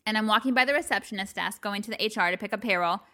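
A woman's voice: medium pitch, very fast, pushed and bright. A woman co-hosting a podcast, chatting casually, laughing often and swearing freely as she tells a story. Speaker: podcast co-host. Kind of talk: casual chat.

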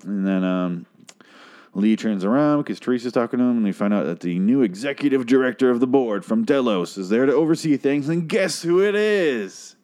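A man's voice: medium pitch, expressive, fairly quick, darkish tone. A man casually recapping a TV episode, rambling, sarcastic and swearing freely.

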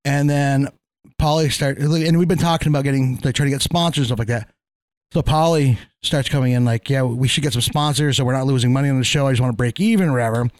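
A man's voice: medium pitch, quick pace, no echo, clean studio sound. A man co-hosting a podcast, telling a story in casual banter, swearing freely and acting out what people said. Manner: profane, animated, acts out quoted exchanges. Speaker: podcast co-host.

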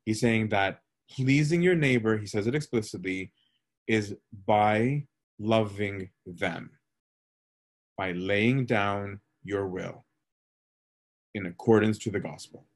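A man's voice: fairly low pitch, takes it slowly. Give me a man leading a casual Bible lesson, talking things through with plenty of ums. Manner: conversational, with frequent "right?" and "um". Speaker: Bible study teacher.

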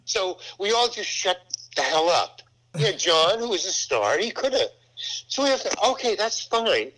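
Older man telling rambling stories, lively voice. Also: sits high, low-quality recording. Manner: rambling, halting, full of restarts. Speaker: actor telling a story from a film shoot. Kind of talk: casual anecdote.

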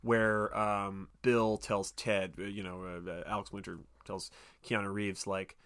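A man's voice: level tone, unhurried, fairly bright tone, clear, resonant tone. Man recapping a movie in casual chat. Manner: rambling, acts out character lines with pitch jumps.

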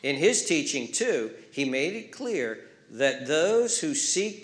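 A man preaching a sermon in a church, repeating key words for emphasis and swinging between loud, urgent phrases and hushed ones. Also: on the high side, very animated, slow, hardly any pauses. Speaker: pastor.

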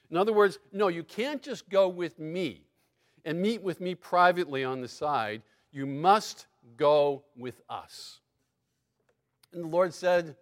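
A man preaching a sermon, reading scripture aloud with lively emphasis and breaking into asides and small laughs. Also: on the high side, unhurried.

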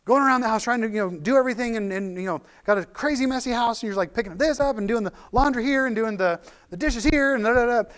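A man giving a casual, conversational sermon as a pastor, animated and full of restarts and fillers. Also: very high voice, quick pace, few pauses, smooth.

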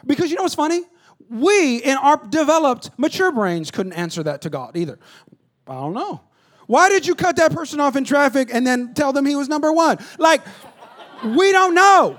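A man preaching a conversational sermon, acting out little dialogues and swinging between loud bursts and hushed asides. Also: very high voice, expressive, fairly quick. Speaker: pastor.

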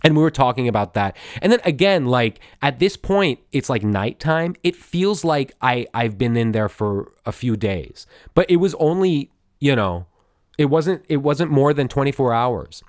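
A man's voice: mid-range voice, expressive, moderate pace, no room sound, clean studio sound. A man hosting a podcast, telling a story in a loose, profane way with many fillers and restarts. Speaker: podcast host. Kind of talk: casual storytelling monologue.

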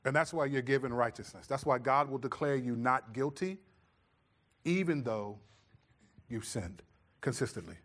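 With a medium pitch, a moderate pace and long pauses, a middle-aged pastor preaches. His storytelling is animated, and he imitates his own scolding voice as a dad.

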